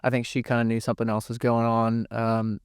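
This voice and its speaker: A man's voice: medium pitch, monotone, brisk, clean tone, no echo, studio quality. A young man, telling a painful family story as a podcast guest in a rambling, emotional way, with many restarts and curse words. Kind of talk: candid personal storytelling.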